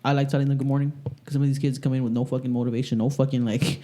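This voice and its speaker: Fast-talking, profane man on a podcast. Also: mid-range voice. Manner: profane, animated storytelling. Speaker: podcast co-host; school staff working with kids. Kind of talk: casual chat.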